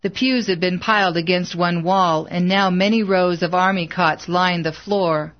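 A woman narrating a story aloud with a steady, measured reading. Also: lowish voice, dull audio. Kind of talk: audiobook narration.

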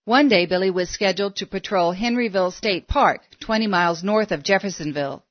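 A woman in the middle of her range narrating a story with measured, steady delivery. The recording is dry, with no room sound, and somewhat dull and lo-fi. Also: medium pitch, dry recording.

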